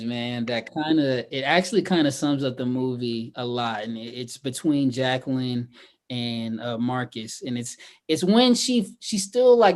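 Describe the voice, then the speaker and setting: Guy on a podcast getting animated about his favorite movie scenes, acting bits out. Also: mid-range voice. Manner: animated, acts out movie lines with laughs. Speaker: podcast co-host. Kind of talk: casual movie chat.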